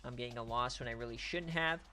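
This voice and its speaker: A man giving loose, excitable live-stream commentary on simulated football games, cheering, trash-talking and dropping casual slang. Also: mid-range voice, fast, soft background music. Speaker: online dynasty league streamer.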